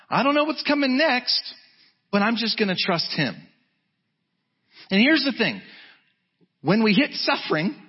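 A male pastor preaching with a husky, high-pitched voice. He swings between urgent, raised peaks and low, quiet stretches. The recording sounds dull and lo-fi. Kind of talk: sermon.

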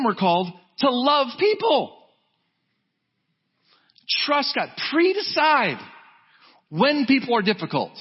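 A man preaching a sermon as pastor, emphatic, swinging from high urgent peaks to low quiet lines. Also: slightly rough. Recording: dull lo-fi sound.

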